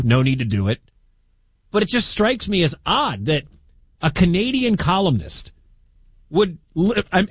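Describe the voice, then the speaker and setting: A man's voice: on the high side, no echo. A middle-aged man from the American Midwest hosting sports talk radio, chatty and incredulous.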